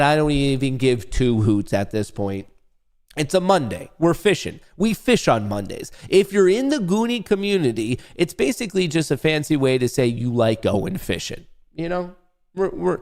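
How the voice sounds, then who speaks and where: The voice is mid-range, sing-song, and a little mellow, with a clear, resonant tone at a moderate pace. It belongs to a young man hosting a live day-trading stream who chats loosely with his audience, joking and swearing through casual commentary.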